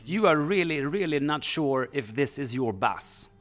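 A man hosting a comic celebrity interview, deadpan and playful in manner and jumping from one odd question to the next. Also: fairly high pitch, measured pace. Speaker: comic celebrity reporter host. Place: indoors on a sofa.

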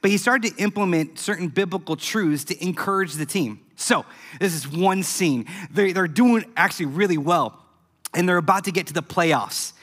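A man preaching a youth sermon, telling a story in an animated, emphatic way. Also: sits high, moderate pace. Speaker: youth pastor. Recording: echoey hall.

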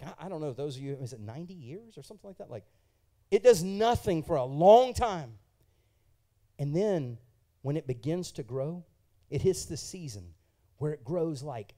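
Male pastor, high mellow voice, preaching in church; swings from hushed storytelling to fervent, raised delivery. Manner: swings from quiet, intimate talk to loud, fervent preaching; asks the congregation questions and tells personal testimony. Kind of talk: sermon.

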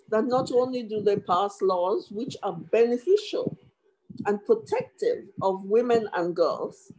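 Emotional woman commissioner at a hearing, highish voice, slow and halting, video-call sound. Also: a little mellow, poor audio. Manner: impassioned and emotional, many restarts. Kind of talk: formal hearing statement.

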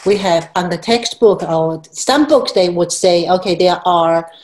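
Halting woman explaining language on a call. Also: on the low side, a little mellow. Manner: halting, many restarts, laughs at herself. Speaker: Chinese language teacher. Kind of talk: explanatory video call chat.

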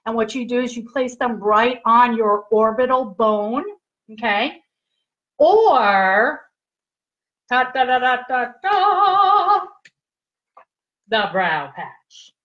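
A chatty woman giggles through a casual live demo of skincare patches as host, constantly asking after her viewers. Her voice is fairly bright in tone and on the high side. The sound of the livestream is dull and lo-fi.

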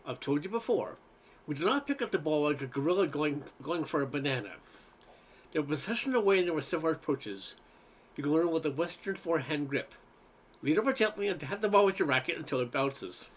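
A man's voice: fairly high pitch, expressive, fairly quick. A man doing a bossy son lecturing. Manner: lecturing, impatient. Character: bossy grown son teaching tennis.

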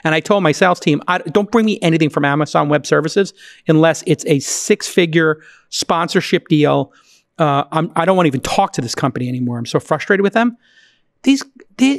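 A man hosting a podcast, ranting in an animated, exasperated way and mimicking other people as he goes. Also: sits high, brisk, dry recording, studio quality. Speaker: podcast host. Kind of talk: ranting interview talk.

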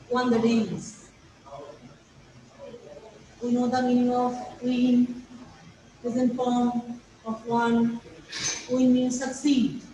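A woman's voice: on the high side, mellow, slight background noise. A woman with a Bangladeshi English accent, a native Bengali speaker, teaching an English grammar lesson to young pupils and patiently repeating each step. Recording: echoey room, voice far from the mic.

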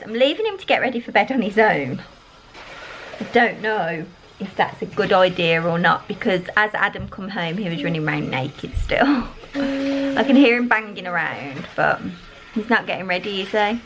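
A woman's voice: mid-range voice, expressive, normal speed, a bit bright, slight background noise, rough recording. A woman, chatting to the camera at home while doing chores. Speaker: vlogger, mother. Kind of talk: casual vlog chat. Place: family home.

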